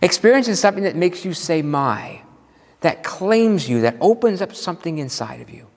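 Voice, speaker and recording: Animated male minister in a reverberant hall. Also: sits high. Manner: animated, playful preaching with dramatic slow exclamations. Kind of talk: sermon. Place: church sanctuary.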